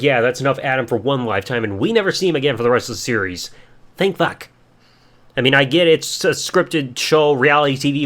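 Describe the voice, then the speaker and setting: A man's voice: medium pitch, fairly bright tone. A young man hosting a casual solo review podcast, rambling along and swearing casually. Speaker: podcast host.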